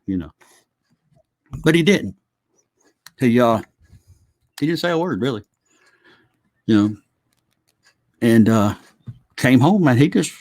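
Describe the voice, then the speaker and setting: Middle-aged man, folksy rambling storyteller, chuckles and curses, mid pitch, dry sound. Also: darkish tone, no echo. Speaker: vlogger. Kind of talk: casual storytelling.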